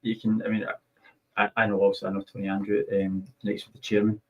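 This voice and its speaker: Scottish male pundit, lowish voice, teasing, off-mic and muffled. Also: monotone, quick pace. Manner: teasing, friendly. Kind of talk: casual studio banter. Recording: distant muffled audio.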